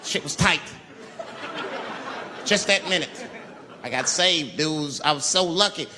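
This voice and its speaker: A man doing stand-up, telling a profane story and acting out the characters with wild shouts. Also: a little high, animated, slow. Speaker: stand-up comedian. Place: comedy venue with live audience. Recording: live stand-up recording with crowd noise. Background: audience laughter.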